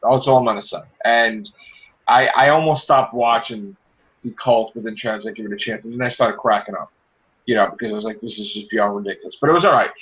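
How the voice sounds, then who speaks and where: A man co-hosting a podcast in casual chat, animated and joking, slipping into quoted voices. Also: mid-range voice, muffled recording. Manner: animated, mimics people in quotes, self-described corny joker. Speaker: podcast co-host.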